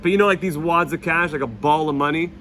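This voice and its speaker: Teaching his weekly Torah lesson in Jerusalem, a rabbi with a slightly high, fairly bright voice speaks quickly. He tells stories in an earnest way, repeating himself and dropping in Yiddish and Hebrew terms.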